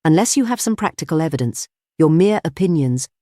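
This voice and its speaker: A man's voice: a little high, animated, a little fast, mellow, no echo, clean studio sound, natural voice. A man voicing a stern police inspector who speaks sharply and with authority.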